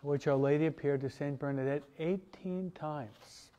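A man, a priest, teaching a parish catechesis class in a relaxed, conversational way, asking his listeners questions. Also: fairly high pitch, normal speed, muffled recording. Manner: conversational, asks the audience questions, many restarts and asides. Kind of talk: informal parish teaching talk.

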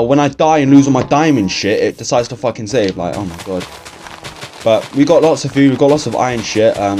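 A man's voice: fairly low pitch, darkish tone, a little hiss or hum. A young man, talking through a game in a casual, swear-filled, grumbling ramble. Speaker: gaming YouTuber. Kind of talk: casual let's-play commentary.

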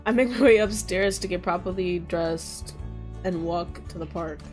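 Mulher lendo um jogo de romance em voz alta. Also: female voice, fairly low pitch, normal speed, music in the background. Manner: reads dialogue aloud, reacts with loud outbursts and laughs. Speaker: gaming streamer. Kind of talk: reading a visual novel aloud with reactions.

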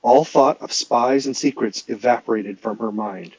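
A man reads a novel aloud in a steady, expressive way at an ordinary pitch. The recording is dry and close, with a slightly dull, lo-fi tone. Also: normal speed, vocal fry, no room sound. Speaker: audiobook reader.

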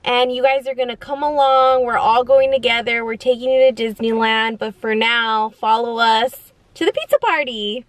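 A woman's voice: a little high, moderate pace, hardly any pauses, a little hiss or hum. A young woman co-hosting a vlog, chatting casually and upbeat to the camera. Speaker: vlog co-host.

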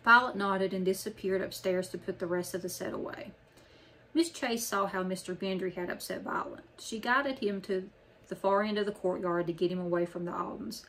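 A woman's voice: mid-range voice, fairly even intonation, normal speed, fairly bright tone, slight background noise, poor audio. Woman narrating a children's storybook. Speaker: audiobook narrator.

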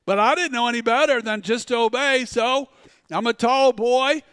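A man preaching a sermon as a pastor, telling stories and swinging between loud outbursts and hushed asides. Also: very high voice, normal speed, no room sound, studio quality, in a large hall. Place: church sanctuary.

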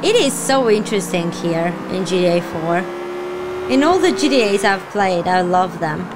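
A woman's voice: lowish voice, lively intonation, normal speed, background noise. A woman hosting a gaming channel, giving casual reaction commentary and exclaiming and swearing at the game. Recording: game sounds under voice.

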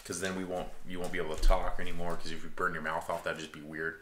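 Joking dad in an echoey room. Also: male voice, sits low, flat delivery, quick pace, bright, forceful tone. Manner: joking, reads viewer comments aloud. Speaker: family vlog host and dad. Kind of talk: casual livestream chat. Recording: roomy echo with background noise.

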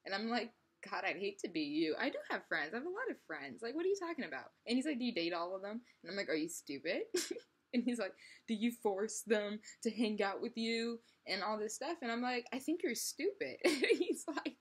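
A woman's voice: on the high side, fairly quick, husky. Laughing young woman telling a story. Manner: animated, laughs often, acts out both sides of a chat. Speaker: vlogger. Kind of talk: casual storytelling vlog.

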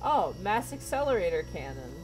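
A woman's voice: medium pitch, sing-song, moderate pace, a little hiss or hum. A woman live-streaming a video game, chatting casually and playfully with viewers and friends.

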